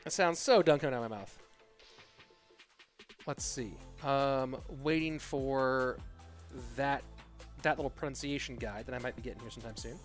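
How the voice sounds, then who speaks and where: A man casting an esports tournament on a live stream, rambling casually while reading chat and breaking into excited play-by-play. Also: mid-range voice, moderate pace, long pauses, faint music behind. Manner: rambling, self-deprecating, reads chat aloud; bursts into loud excited play-by-play. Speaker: esports caster.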